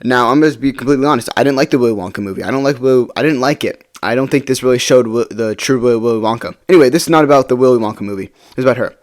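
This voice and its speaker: A teenage boy with a mid-range voice races through a personal story with few pauses. He rambles casually, swears freely and keeps restarting his sentences.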